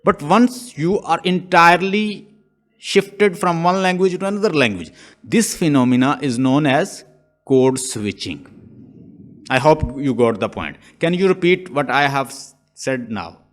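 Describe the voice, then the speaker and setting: A man's voice: on the high side, expressive, measured pace, faint music behind. A man teaching a lesson, explaining step by step and often restarting his phrases. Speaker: English teacher. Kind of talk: online lecture.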